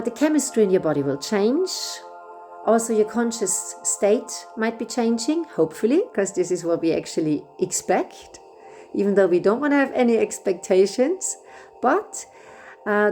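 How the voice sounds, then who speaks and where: Gentle, mellow-voiced woman guiding breathwork. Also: mid-range voice. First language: German. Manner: unhurried, gentle, with restarts and fillers. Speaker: breathwork facilitator. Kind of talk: guided breathwork instruction.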